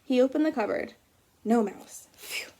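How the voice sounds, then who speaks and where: A woman teacher reading a picture book aloud to children, gently pausing to ask them questions about the story. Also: high-pitched. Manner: gentle, asks children questions as she reads.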